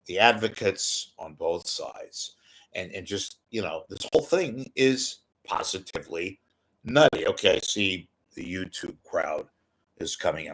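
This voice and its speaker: A man's voice: lowish voice, fairly bright tone. Rambling man hosting a livestream. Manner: rambling, self-mocking, repeats words. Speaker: livestream host. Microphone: webcam close to face.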